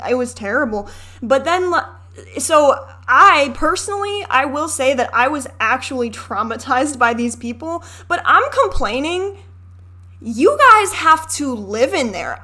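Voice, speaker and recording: A woman's voice: high-pitched, bright, forceful tone. Chatty young woman reacting to a film. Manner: chatty and candid, swears and rants with laughs. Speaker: reaction video host. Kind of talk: casual commentary over a film.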